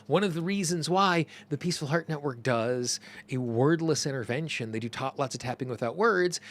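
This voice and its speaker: Middle-aged male host, earnest teacher, mid-pitched voice, leans on repetition. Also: a bit bright. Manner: earnest, emphatic, repeats phrases for stress. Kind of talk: teaching monologue.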